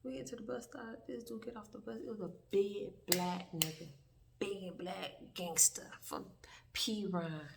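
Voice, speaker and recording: A woman's voice: mid-range voice, fairly even intonation, measured pace, gravelly, background noise. A young woman telling a storytime in a laid-back, rambling way, swearing freely and acting out dialogue. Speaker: vlogger. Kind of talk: casual storytime.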